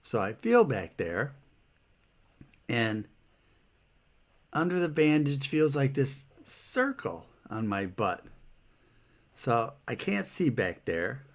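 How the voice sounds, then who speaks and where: A man's voice: medium pitch, big pitch swings, slow, pauses often. A man casually telling a personal story about his health troubles, laughing often and sounding rueful and incredulous.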